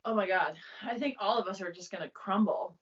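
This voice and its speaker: A woman's voice: mid-range voice, fairly quick, a crowd in the background. A young American woman chatting casually, bubbly and laughing often, with plenty of filler words. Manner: bubbly, lots of likes and laughs. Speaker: podcast host. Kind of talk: casual chat over a video call. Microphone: video call. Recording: dull lo-fi video call audio.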